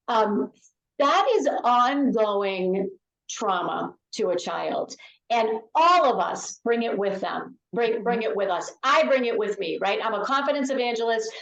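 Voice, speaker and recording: Woman author guest, slightly high voice, emphatic and repetitive, echoey room. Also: slow. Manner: emphatic, repeats key phrases. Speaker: author and confidence speaker. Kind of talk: podcast interview.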